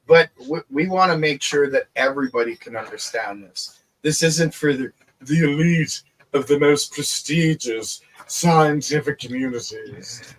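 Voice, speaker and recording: A man, an inventor, talking in a relaxed group video chat, animated and quick to laugh and swear. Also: on the high side. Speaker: inventor and show guest.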